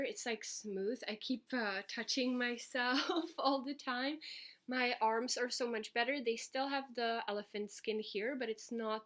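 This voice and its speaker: A woman, a little out of breath, giving a casual video update at home into her computer's webcam, speaking in a halting way with many fillers. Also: a little high, a bit bright. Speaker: vlogger.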